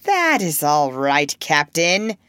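A woman voicing an eager, simple-minded male pirate boatswain in a storybook reading, high and loud. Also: wildly swooping pitch, slow, husky, no echo, heavily acted.

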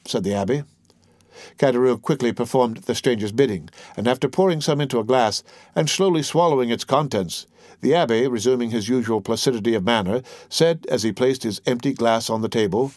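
Steady male audiobook narrator. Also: mid-range voice, brisk, no echo.

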